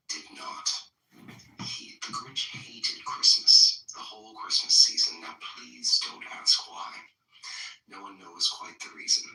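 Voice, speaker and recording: A man chatting casually, then reading a bedtime story aloud in a hushed, playful half-whisper. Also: on the low side, creaky. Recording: roomy, from a distance, faint music behind.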